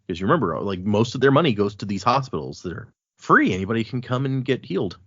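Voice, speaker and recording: A man with a lowish, husky voice hosts a relaxed book podcast. He switches between reading passages aloud and loosely talking them over, with fillers and restarts along the way. The sound is dry and a little dull. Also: fast, no echo. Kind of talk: casual book discussion with read-aloud passages.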